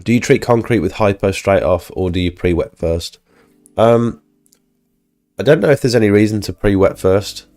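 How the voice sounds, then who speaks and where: Low-voiced man, ill, chatting. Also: normal speed, darkish tone. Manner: rambling, filler-heavy, chatting to viewers. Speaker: pressure washing business owner and live streamer. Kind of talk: casual live-stream chat.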